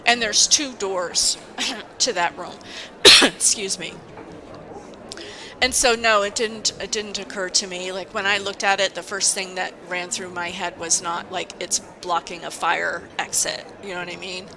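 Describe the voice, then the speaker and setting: A woman's voice: on the low side, fairly even intonation, measured pace, background noise. A woman who works at a university, venting in a casual vlog and telling her story in an indignant, emphatic way. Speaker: university staff member.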